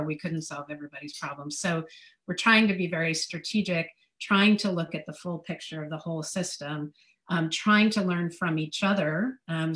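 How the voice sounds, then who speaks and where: A woman speaking as a panelist in a panel discussion, thoughtful and loose, with many fillers and restarts. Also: lowish voice. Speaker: fund director, panelist.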